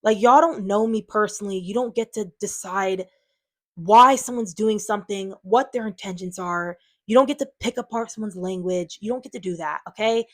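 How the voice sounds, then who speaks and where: A woman's voice: mid-range voice, moderate pace. A woman talking to her viewers in an unscripted vlog, defensive and frustrated, rambling with lots of fillers. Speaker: channel owner.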